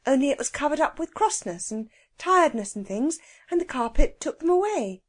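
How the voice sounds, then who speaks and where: A woman reading a children's storybook, voicing an earnest, gentle girl who speaks soothingly. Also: high-pitched, big pitch swings, brisk, voice pushed up. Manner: soothing, pleading.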